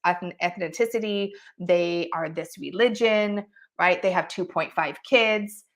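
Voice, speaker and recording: A woman's voice: lowish voice, slow. A woman teaching an online marketing coaching session, talking expressively and with emphasis, often laughing between points. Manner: expressive, emphatic, acts out examples.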